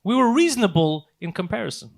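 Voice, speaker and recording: A man co-hosting a comedy podcast, telling a story in a casual, animated way with plenty of swearing. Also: sits high, fast talker, creaky. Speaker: podcast co-host.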